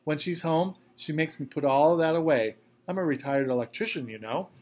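A man's voice: fairly high pitch, normal speed, close to an everyday voice. A man doing an eager, lonely old man. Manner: eager, childlike, excitable. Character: cheerful lonely old male retired electrician.

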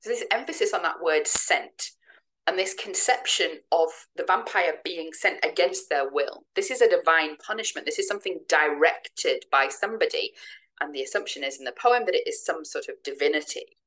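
A woman giving a measured, explanatory academic lecture, now and then reading poetry dramatically. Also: sits low, fairly bright tone, rough recording.

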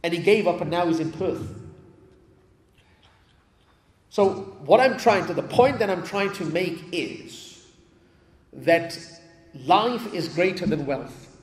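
A man with a fairly high voice tells stories in a sermon and repeats his key phrases to drive them home. He is from England. His voice rings through a roomy hall with a long, lingering reverb. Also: lively intonation, measured pace. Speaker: preacher. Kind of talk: storytelling sermon. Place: mosque hall.

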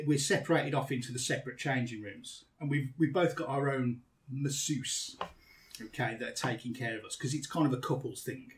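A man's voice: medium pitch, distant mic. A British man hosting a podcast, telling a holiday story in casual chat and laughing often. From Britain. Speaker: podcast host.

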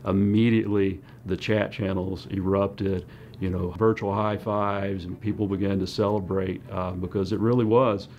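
A man's voice: low-pitched, level tone, normal speed, a little mellow, highs cut off, slight background noise. A man, a scientist, recalling events plainly and conversationally in a documentary interview. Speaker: lab scientist.

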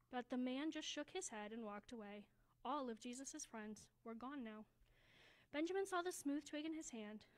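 A woman reading a children's story aloud at a church service, slowing down for emphasis and dropping to a hush. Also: fairly high pitch, poor audio. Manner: expressive, slows down for emphasis, drops to a hushed voice.

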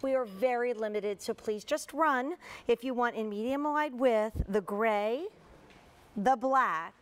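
A woman's voice: on the high side, unhurried. A woman hosting a live home shopping show, chatting in a bubbly sales patter about shoes. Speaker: shopping channel host.

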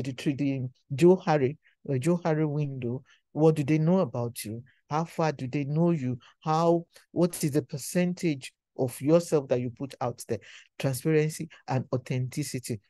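A man's voice: fairly high pitch, dark tone, no echo. A man giving an induction lecture to professionals, exhorting them and repeating his key phrases for emphasis.

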